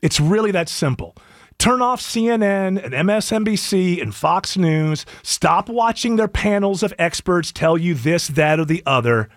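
A male radio host with a high voice that swings up and down a lot as he rambles through sarcastic opinions. The sound is dry and close. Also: lively intonation, moderate pace, no room sound. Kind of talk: casual comedic talk radio banter.

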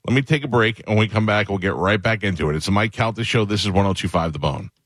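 Low-voiced man hosting a radio show. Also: fast, heavy background noise. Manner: loose, joking, crude banter. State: hiccups. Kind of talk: casual radio chat. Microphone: studio mic.

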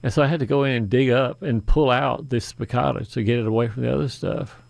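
A man's voice: mid-range voice, quick pace, gravelly, no room sound. A man hosting a call-in garden radio show, chatting in a folksy, rambling way with asides.

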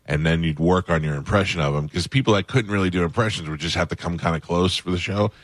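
A radio host with a very deep voice talks in a studio. He chats with his guest and tells his own stories. The sound is close and dry. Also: fast, no room sound. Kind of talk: casual radio interview.

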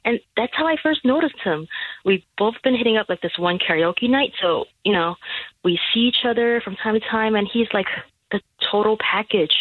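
A woman phoning in to a radio show, hesitant and halting, often restarting her sentences. Her voice comes through a thin, tinny phone line. The sound is dry and close, with no room around it. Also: medium pitch, expressive, dry recording. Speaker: radio caller. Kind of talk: phone-in chat. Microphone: telephone.

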